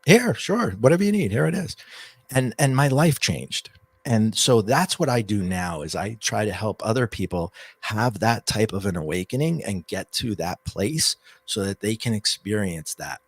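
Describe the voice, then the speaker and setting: A middle-aged man, a guest coach and author, telling a personal story in a rambling, animated way with frequent restarts. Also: fairly low pitch, moderate pace, no room sound. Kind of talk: storytelling in an interview.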